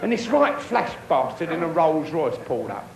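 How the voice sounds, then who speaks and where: A man's voice: a little high, very animated, moderate pace, creaky. A man doing live stand-up on a club stage, telling crude jokes full of swearing and bantering with the crowd. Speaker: stand-up comedian. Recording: echoey club with crowd and noise.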